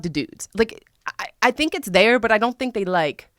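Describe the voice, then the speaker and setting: Excitable, profane woman podcaster. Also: medium pitch, moderate pace, dry recording, clean studio sound. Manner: profane, laughing often; excitable, voice spikes when venting. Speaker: podcast host. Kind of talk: casual storytelling.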